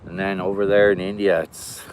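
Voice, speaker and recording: A man with a lowish voice chats easily to his livestream audience while out walking by a river, thanking viewers by name as their comments come in. Faint outdoor noise and passing traffic sit behind him. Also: little pitch movement, fairly quick. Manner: chatty, reads out and thanks viewers. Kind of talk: casual live stream chat.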